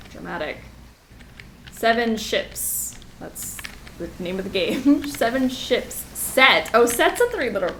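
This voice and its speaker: A woman's voice: mid-range voice, reverberant, slight background noise, rough recording. A woman streaming a puzzle game, chatting casually and thinking aloud as she solves it. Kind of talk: casual gameplay commentary.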